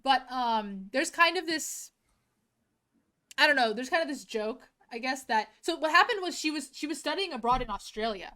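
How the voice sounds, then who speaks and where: A woman's voice: sits high, expressive, normal speed, pushed and bright. Rambling, laughing woman telling a story. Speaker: podcast co-host. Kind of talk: casual group chat.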